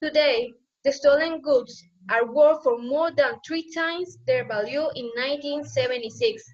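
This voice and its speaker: A teenage girl with a high voice reads her school presentation carefully, her phrasing a little awkward. The audio is slightly dull. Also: a little slow. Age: teens. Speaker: student presenter. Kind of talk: reading a prepared school presentation.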